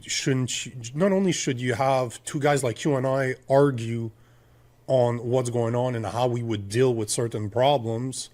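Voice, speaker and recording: A man's voice: medium pitch, a little mellow. A man in his forties with a French Canadian accent, French his first language, co-hosting a political podcast in an emphatic, ranting way full of rhetorical questions. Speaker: podcast co-host.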